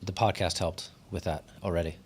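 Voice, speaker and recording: A man's voice: low-pitched, flat delivery, brisk, slight background noise. A young adult man, a guest on a podcast, telling stories about his daughter in a thoughtful, chatty way full of likes. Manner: thoughtful, storytelling, lots of likes. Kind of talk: casual chat.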